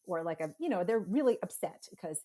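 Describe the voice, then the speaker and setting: A middle-aged American psychotherapist guests on a podcast in a conversational interview, talking animatedly and acting out parents and kids in quick voices. Her voice is fairly low, expressive, and mellow.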